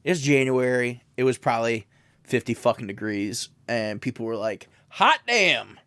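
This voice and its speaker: A man's voice: mid-range voice, steady tone, moderate pace, clean tone, no room sound. A man from the American Midwest co-hosting a comedic history podcast, loose and casual, swearing and laughing often. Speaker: podcast co-host.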